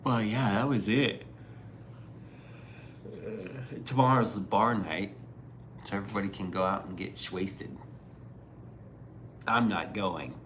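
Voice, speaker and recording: A man talking at a slow, unhurried drawl in a somewhat low voice, chatting loosely with his stream. He rambles and swears freely, often letting sentences fade out into quiet mumbles. A faint hum of noise sits behind him. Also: fairly even intonation. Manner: rambling and profane, trailing off into mumbles. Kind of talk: casual chat reading out chat messages.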